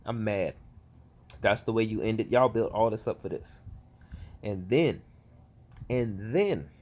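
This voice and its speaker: A man giving a casual, ranting review as a vlogger, animated and profane, full of exasperated outbursts. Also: lowish voice, unhurried. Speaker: wrestling fan vlogger.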